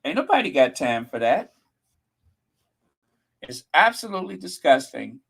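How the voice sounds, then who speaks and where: Man, channel host, sassy gossip commentary, slightly high voice, very expressive. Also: a little slow, rough recording. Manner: sassy, animated, mocking.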